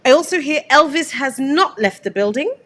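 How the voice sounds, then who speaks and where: A woman's voice: sits high, animated, normal speed, a bit bright. A woman hosting a live interview, talking in a conversational, upbeat way. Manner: conversational, upbeat, many fillers. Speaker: host, executive producer.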